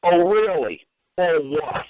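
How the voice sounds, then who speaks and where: A man's voice: high voice, animated, slow, no room sound. Profane scolding man on phone-quality radio. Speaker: host. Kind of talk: heated call-in talk.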